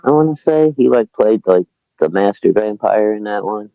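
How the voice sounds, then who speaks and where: A laid-back man chats on a podcast, filling his talk with "like" and "uh". His very deep, gravelly voice moves up and down a lot. It comes over a tinny, phone-like line. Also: animated, moderate pace. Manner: laid-back, lots of fillers. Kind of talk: casual chat.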